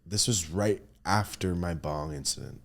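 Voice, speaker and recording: A podcast host with a low-pitched voice tells loose, profane stories at a measured pace in casual conversation. He's animated, acting out what people said.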